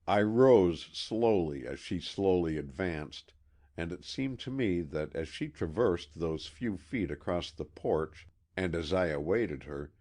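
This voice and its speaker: A man reading a classic mystery novel aloud as an audiobook narrator, measured and expressive. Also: deep voice. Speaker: audiobook reader.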